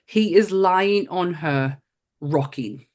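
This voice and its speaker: A woman's voice: fairly low pitch, takes it slowly, a little mellow. A woman co-hosting a casual film review podcast, blunt and giggly, and she swears freely. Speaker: podcast co-host.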